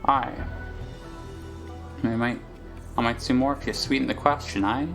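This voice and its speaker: A man's voice: mid-range voice, steady tone, a little slow, vocal fry, fairly bright tone, soft background music. A man voicing a tough, streetwise young red-haired girl in a vaguely Irish accent, cocky and haggling. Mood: sly. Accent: vaguely Irish, put on. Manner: cocky, haggling, drops "aye" constantly.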